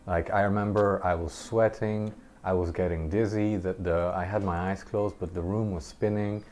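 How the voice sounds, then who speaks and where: A man casually telling a personal story over gameplay, animated and halting, often laughing between sentences. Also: low voice. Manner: halting, many restarts. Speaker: gameplay commentator.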